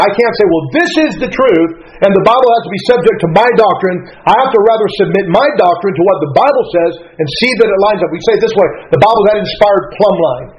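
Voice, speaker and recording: A man's voice: high-pitched, highs cut off. A middle-aged man, a pastor preaching a sermon in an earnest, conversational way and reading scripture aloud.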